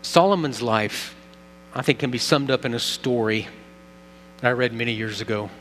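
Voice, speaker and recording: A man's voice: medium pitch, moderate pace, fairly bright tone. A man preaching a sermon as pastor, telling a story earnestly and building emphasis. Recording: long reverb, faint mains hum.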